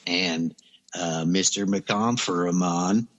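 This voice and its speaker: Low-voiced Louisiana man, bright tone, rambling comic guest. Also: slow pace, highs cut off. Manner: rambling, hesitant, mangles names. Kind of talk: comedic radio interview.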